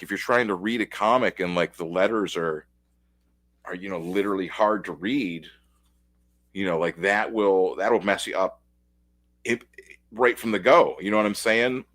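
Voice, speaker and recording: A man's voice: lowish voice, fairly bright tone. Rambling, enthusiastic man reviewing comics. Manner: rambling, enthusiastic, full of fillers. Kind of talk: casual chat, comic review.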